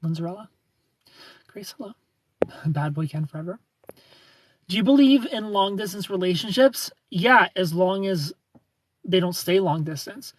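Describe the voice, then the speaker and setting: This young American man with a Southern accent is hosting a casual livestream, chatting with live viewers and playfully greeting them by name. His voice is high-pitched and animated, and he takes his time, leaving long pauses.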